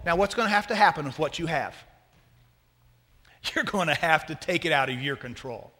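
A man preaching a sermon as pastor, talking to the congregation in a conversational, joking way with lively asides. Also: on the high side, normal speed, long pauses, big-room sound.

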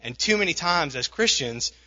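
A man's voice: a little high, animated, moderate pace, bright, forceful tone, muffled recording. A man preaching a sermon in a conversational way, with frequent restarts and asides. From not from the South. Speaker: pastor.

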